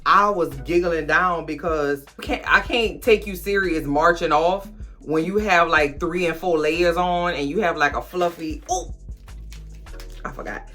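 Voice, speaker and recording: A woman's voice: fairly low pitch, unhurried, sharp tone, faint music behind. A woman host casually recapping a TV episode, chatty and slangy, talking straight to her viewers while a little tipsy. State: tipsy from drinking.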